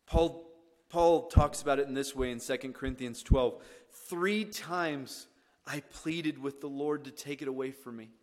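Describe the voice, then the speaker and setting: A man preaching a sermon as pastor, swinging from hushed lines to loud, emphatic ones. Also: mid-range voice, measured pace. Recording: long reverb of a church hall.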